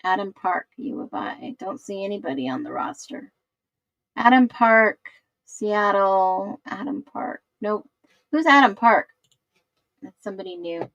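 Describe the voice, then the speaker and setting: Slow, thinking-aloud woman host. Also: mid-range voice, fairly bright tone, dry recording, poor audio. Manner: thinks aloud, searching while she talks. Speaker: livestream host. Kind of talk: casual livestream chat, reading comments.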